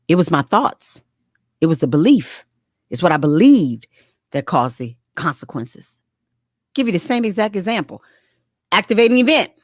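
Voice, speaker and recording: A woman's voice: fairly low pitch, fairly bright tone, dry recording, clean studio sound. A middle-aged woman pastor and therapist giving a faith-based talk on mental health, earnest and emphatic, repeating words as she stresses her points.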